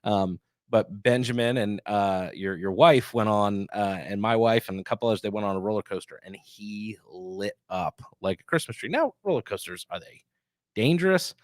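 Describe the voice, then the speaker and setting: A man in his thirties, co-hosting a casual studio chat and telling family stories, animated when he quotes his kids. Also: on the low side, normal speed, no echo. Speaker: show co-host.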